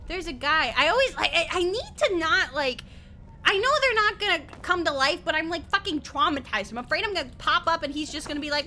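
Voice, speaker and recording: A woman's voice: sits high, animated, normal speed, bright, forceful tone, slight background noise. A young woman streamer giving chatty, giggly game commentary, swearing freely.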